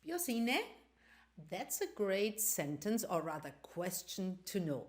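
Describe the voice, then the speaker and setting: A woman's voice: lowish voice, measured pace, darkish tone. A woman teaching a language lesson, explaining carefully and repeating example sentences. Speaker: Greek teacher.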